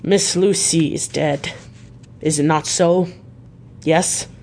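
A solemn elderly male professor, voiced by a woman reader in an audiobook. He speaks in a low, formal, measured way, stern yet full of pity. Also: steady tone, a little mellow, slight background noise. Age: older. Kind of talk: audiobook character reading.

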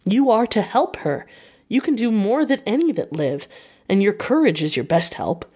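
A grave old professor, kindly but commanding, as read by a woman narrator. He speaks in slow, weighty, formal sentences at a middling pitch. It sounds like an audiobook reading. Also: very animated, dark tone, slightly rough.

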